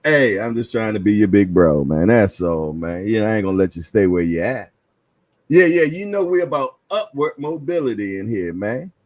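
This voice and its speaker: A man's voice: lowish voice, sing-song, moderate pace, a little mellow, dry recording. A man hosting a boxing news chat, talking in laid-back slang, laughing often and repeating himself. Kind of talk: casual livestream chat.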